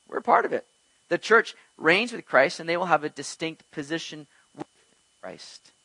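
A man's voice: a little high, sharp tone, no room sound, rough recording. A man preaching an earnest expository sermon as pastor, teaching emphatically with rhetorical questions.

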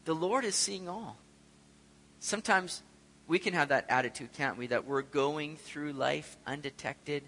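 A pastor preaches a sermon in a conversational way, putting rhetorical questions to the congregation. His voice is fairly high, pushed and bright, at a slightly slow pace. The recording has long hall reverb.

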